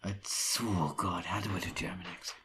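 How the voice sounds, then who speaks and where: A man hosting a casual podcast, hesitant and quick to laugh. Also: low-pitched, steady tone, pushed and bright, a little hiss or hum. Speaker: podcast host.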